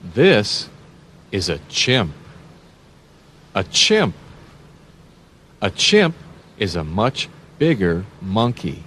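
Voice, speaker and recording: Slow, animated man reading to children. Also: low-pitched, slight background noise. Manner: sing-song, exaggerated emphasis, animal sound effects. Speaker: children's read-along host.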